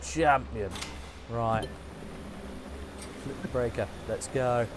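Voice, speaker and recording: A man's voice: medium pitch, lively intonation, unhurried, noisy background. A man streaming a video game, chatting and joking casually with his viewers. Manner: joking, chatty, mutters to himself. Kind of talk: casual gameplay commentary.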